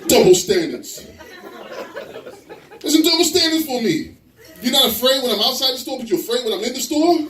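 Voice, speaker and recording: A man performing a stand-up comedy set, telling animated stories and slipping into quoted voices, in a live venue. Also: extremely high pitch, moderate pace, long pauses, a little hiss or hum. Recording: echoey live venue, mic at a distance.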